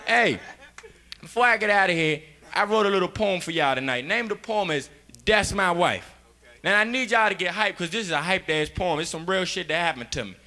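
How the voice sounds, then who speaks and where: A young man doing a loud, rowdy stand-up comedy set, laughing between punchlines. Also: sits high, expressive, brisk.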